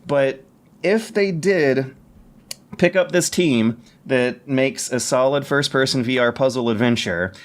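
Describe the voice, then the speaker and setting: A man co-hosting a casual podcast, who talks quickly and keen, stammers and corrects himself as he goes. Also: mid-range voice. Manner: fast, stammering, self-correcting enthusiasm. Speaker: podcast co-host.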